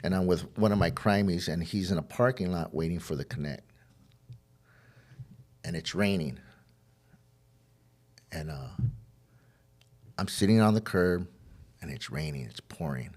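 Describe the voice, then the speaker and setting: A man's voice: sits low, measured pace, pauses often, a little mellow. A middle-aged man, a podcast guest, telling a personal story of addiction and recovery, rambling and repeating words as he acts out old conversations.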